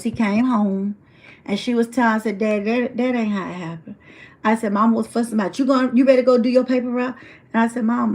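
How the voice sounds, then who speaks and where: Lady telling her own story at a talk, kinda high voice, does everybody's lines. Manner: animated storyteller acting out family quotes, addresses audience members. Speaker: motivational speaker. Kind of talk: personal storytelling speech.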